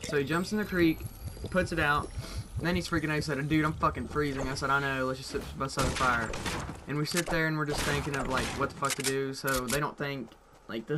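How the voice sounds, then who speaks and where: Excitable young man telling a profane story. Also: fairly high pitch, brisk. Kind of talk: casual storytelling. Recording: audible background noise.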